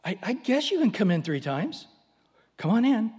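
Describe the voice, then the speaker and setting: A man's voice: high voice, big pitch swings, normal speed, darkish tone, husky, in a large hall, pitched above the performer's own voice, heavily acted. A man voicing a sarcastic angel guarding heaven's door, sounding incredulous. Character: sarcastic gatekeeping angel, adult.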